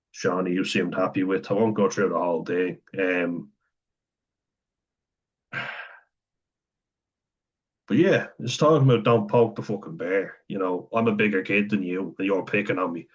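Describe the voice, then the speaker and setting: A man's voice: low voice, unhurried, long pauses. A young man in a candid, profane personal monologue, talking frankly and conversationally. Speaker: vlogger. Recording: dull lo-fi sound.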